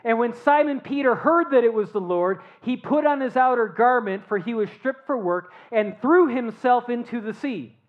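Animated preacher on a dull lo-fi recording. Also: medium pitch, normal speed, hardly any pauses. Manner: animated storytelling with rhetorical questions, dropping to a hushed tone. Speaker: pastor. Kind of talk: sermon.

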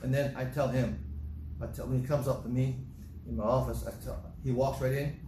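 Older preacher in an echoey room. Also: male voice, medium pitch, normal speed. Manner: animated, acts out dialogue in different voices. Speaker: pastor. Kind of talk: sermon. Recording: echoey room with noticeable noise.

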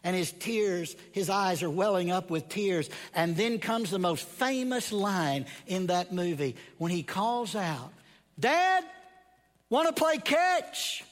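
A male preacher tells a story from the pulpit at an unhurried, deliberate pace. His voice sits a little high, and it sinks to near-whispers for emphasis. Long reverb from a large hall trails after his words. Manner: storytelling, slow and dramatic, dropping to a hush. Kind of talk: sermon.

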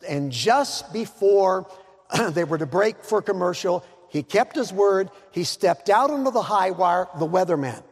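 High, gravelly-voiced preacher. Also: male voice. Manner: dramatic, slows down to stress words, joking asides. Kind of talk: sermon. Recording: long hall reverb.

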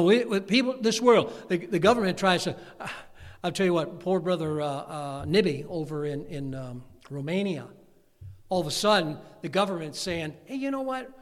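A middle-aged man preaching a folksy sermon as pastor, going from quiet asides to loud, fervent shouting. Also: high voice. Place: church hall. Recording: long hall reverb.

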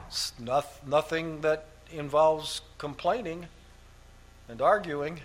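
A man's voice: a little high, takes it slowly. A man preaching a sermon, laying out numbered points and repeating key phrases for emphasis. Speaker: pastor.

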